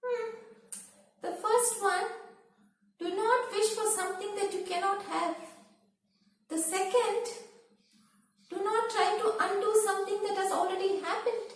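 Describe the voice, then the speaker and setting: A woman's voice: extremely high pitch, steady tone, pitched above the performer's own voice. A woman voicing a small, clever gray talking bird in a storybook reading. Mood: teasing. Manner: pleading then teasing, quick. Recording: echoey room, voice from far off.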